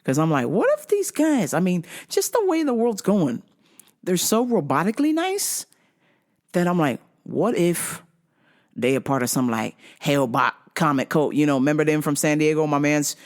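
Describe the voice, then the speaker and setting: Lady host ranting a funny story, cusses a lot, lowish voice that jumps all over. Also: normal speed. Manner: animated, profane, laughs often, exaggerated. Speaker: podcast host. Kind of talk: casual comedic storytelling.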